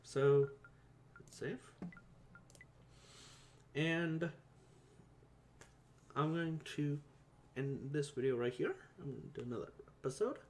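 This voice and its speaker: A man's voice: on the high side, takes it slowly, pauses often, a little mellow, slight background noise. A man hosting a let's play, giving rambling, self-deprecating commentary full of fillers. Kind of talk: casual game commentary.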